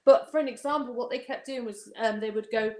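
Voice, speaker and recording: A woman's voice: a little high, brisk, roomy sound. A woman from England chatting on a podcast, rambling and interrupting herself as she tells things. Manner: rambling, self-interrupting storyteller. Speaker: podcast co-host. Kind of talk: casual chat.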